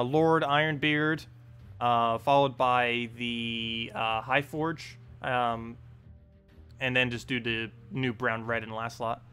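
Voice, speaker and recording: A young man with a New Jersey accent, from the United States, chats loosely over his live gameplay, rambling with plenty of ums and uhs and chuckling at his own remarks. His voice is mid-range with a sharp tone.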